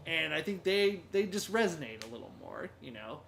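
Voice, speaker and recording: A man's voice: on the high side, sing-song, normal speed, gravelly, fairly bright tone, slight background noise. A man co-hosting a podcast, chatting casually about a comedy film, often laughing and quoting lines from it. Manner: laughs often, quotes lines in put-on voices. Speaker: podcast co-host. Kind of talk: casual movie discussion.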